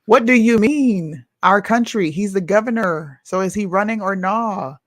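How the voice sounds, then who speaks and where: A blunt woman co-hosting a casual talk show, venting in an exasperated way. Her voice sits at a middle pitch. The sound is dry and close. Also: unhurried, no echo. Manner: blunt, exasperated, reads posts aloud. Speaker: podcast co-host. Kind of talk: casual chat.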